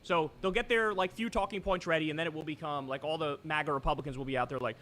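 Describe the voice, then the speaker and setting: A man's voice: fairly high pitch, a little fast, fairly bright tone, a little hiss or hum. A man from New York giving heated, profane, sarcastic political reaction commentary.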